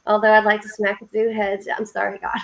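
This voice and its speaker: A woman's voice: mid-range voice, completely flat delivery, fairly quick, gravelly, rough recording. A woman co-hosting a faith-based livestream chat, telling heartfelt stories in an earnest, preaching way over a video call. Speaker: co-host of a faith support livestream.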